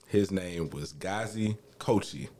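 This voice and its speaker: A young man, telling a story in a casual podcast chat, animated and swearing freely. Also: slow, slight background noise. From Alabama, US. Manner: animated, swearing, acts out quotes in high voices. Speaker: podcast co-host.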